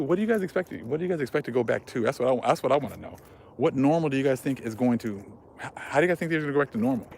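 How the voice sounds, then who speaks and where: A man's voice: medium pitch, lively intonation, rapid-fire, creaky, darkish tone, a little hiss or hum. A man hosting a religious commentary vlog, speaking fervently in casual slang and repeating himself for emphasis. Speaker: vlog host.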